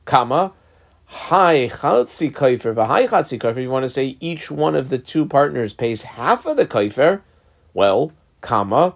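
A man's voice: medium pitch, big pitch swings, measured pace, gravelly. Casual man teaching Talmud. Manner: reads the text aloud, then explains it in a casual, conversational way. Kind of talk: daf yomi Talmud lesson.

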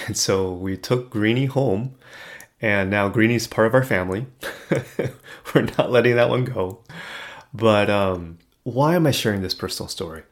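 A middle-aged man telling a personal story in a casual, animated way, dropping to a hush at the tense parts. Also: lowish voice, a little slow.

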